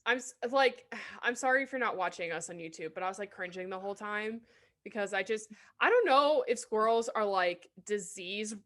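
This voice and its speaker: A woman's voice: mid-range voice, lively intonation, moderate pace, fairly bright tone. A woman co-hosting a podcast in casual chat, telling stories with lots of fillers and silly voices for animals. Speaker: podcast co-host.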